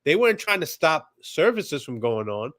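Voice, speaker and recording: A man's voice: fairly high pitch, sing-song, moderate pace, fairly bright tone. Emphatic man hosting a commentary show. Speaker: podcast host. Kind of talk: casual commentary on archive audio.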